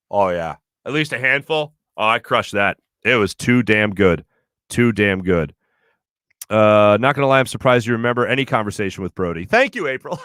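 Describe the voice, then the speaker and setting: A sports radio host in his thirties chats loosely in the studio, reading viewer comments, laughing often and wandering into stories. His medium-pitched voice is bright and forceful, recorded dry with clean studio sound.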